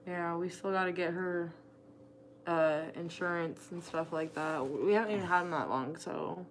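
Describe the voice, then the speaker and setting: A woman with a lowish voice chatting casually as a co-host. She is matter-of-fact and teasing. Faint ambient noise sits behind her. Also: moderate pace. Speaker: co-host, stepparent. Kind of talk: casual chat.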